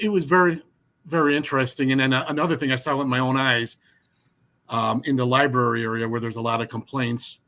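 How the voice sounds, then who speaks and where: A man, a paranormal investigator telling his experiences in a casual podcast chat, animated with frequent restarts. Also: mid-range voice.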